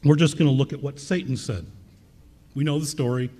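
A man preaching a sermon in a church, reading scripture aloud and repeating key words for emphasis, with a slightly husky voice. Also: mid-range voice, fairly even intonation, a little fast, dark tone, in a large hall.

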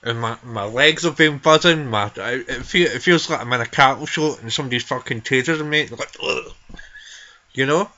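A man's voice: mid-range voice, fairly quick, hardly any pauses, pushed and bright, natural voice. A man voicing a foul-mouthed, furious Scottish granny in her eighties, ranting and swearing nonstop in a comedy vlog. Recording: dull lo-fi home recording.

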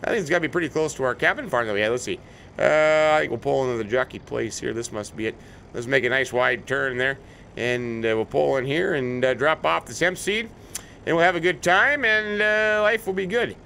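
A man's voice: medium pitch, fairly quick, creaky, sharp tone, slight background noise. A middle-aged American man casually commenting on a farming game, joking and talking to imaginary companions. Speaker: let's play host. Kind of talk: casual game commentary with role-play banter. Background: faint game vehicle sounds.

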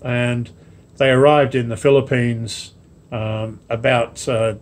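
A man casually showing off a parcel of model ships to camera, rambling slowly with many ums and asides. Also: mid-range voice, fairly even intonation. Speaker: wargaming hobby vlogger. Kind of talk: casual unboxing chat to camera.

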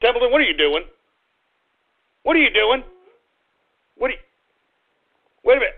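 A man hosting a live radio show, exasperated, yelling and ranting at his dog. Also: very high-pitched, very animated, moderate pace, vocal fry, long pauses. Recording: tinny phone-like radio audio.

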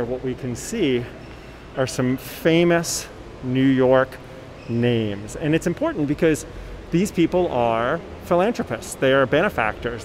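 A man's voice: medium pitch, poor audio. Man, tour guide, casual live-stream chat, phone mic, faint city noise. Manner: chatty, reads viewer comments aloud. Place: inside a library, then outdoors on a city street.

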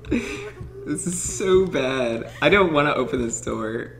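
A man's voice: fairly high pitch, lively intonation. Scared young man playing a horror game. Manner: frightened, swearing, exclaiming often; slow drawn-out speech, nervous laughter. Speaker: gaming streamer.

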